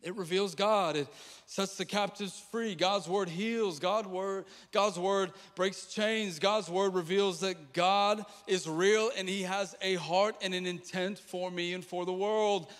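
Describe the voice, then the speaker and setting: A man with a high, ringing voice preaches a passionate sermon in a large church. He repeats his lines for emphasis and drops to near-whispers before rising again. His voice carries a long reverb tail off the hall walls. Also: steady tone, a little slow. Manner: impassioned, repetitive preaching with dramatic drops to quiet. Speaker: pastor.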